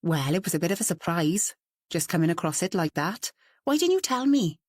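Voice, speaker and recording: A woman's voice: fairly low pitch, big pitch swings, brisk, darkish tone, no echo, clean studio sound. A woman reading the part of a reserved man who is irritated and exasperated, speaking in clipped replies.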